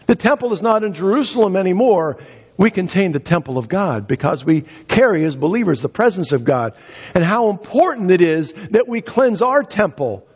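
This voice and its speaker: A man's voice: sits high, sing-song, normal speed, darkish tone, slightly rough. A male pastor giving a sermon and praying, talking earnestly with frequent restarts and fillers. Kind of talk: sermon with prayer. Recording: dull lo-fi church recording with long reverb.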